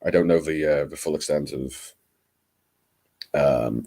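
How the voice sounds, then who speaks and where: A man's voice: a bass voice, takes it slowly, creaky, mellow. A man from Liverpool hosting a late-night live stream, chatting with viewers in a wry, theatrical, self-mocking way and swearing casually. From Liverpool, England.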